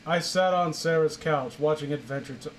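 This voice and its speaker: A man's voice: fairly high pitch, moderate pace, heavy background noise. A young man hosting a comedic reading of fan fiction, sarcastic and exasperated in his commentary. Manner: sarcastic, exasperated, breaks into laughter.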